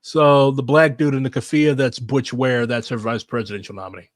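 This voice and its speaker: A man talks through political clips in loose, blunt commentary, throwing in swear words and filler. His voice sits at an ordinary pitch. The sound is dry and close, with no room echo. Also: fairly even intonation, brisk. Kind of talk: casual reaction commentary.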